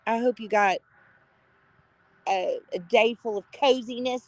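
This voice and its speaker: A middle-aged woman, chatting casually on a live stream, greeting viewers by name with gushing warmth and frequent laughter. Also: on the high side, unhurried, long pauses, no room sound.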